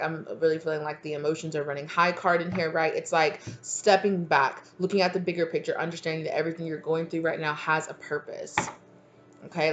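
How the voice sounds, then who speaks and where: Woman tarot reader, lowish voice, rambling casual chat, faint background hum. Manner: casual, rambling, lots of "like" and "okay". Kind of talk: channeled tarot reading.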